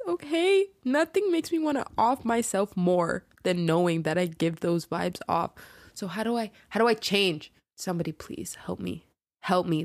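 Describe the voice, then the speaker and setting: A woman's voice: lowish voice, creaky. A young adult woman hosting a casual monologue podcast, ranting animatedly and swearing freely. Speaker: podcast host.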